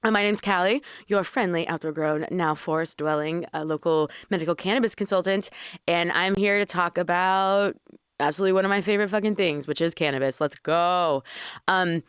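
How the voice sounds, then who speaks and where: Low smooth-voiced woman hosting a podcast, chatty, swears a lot, dry close sound. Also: fairly quick, dry recording. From Washington State. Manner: chatty, laughs often, swears casually. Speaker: podcast host, cannabis consultant. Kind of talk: casual podcast chat.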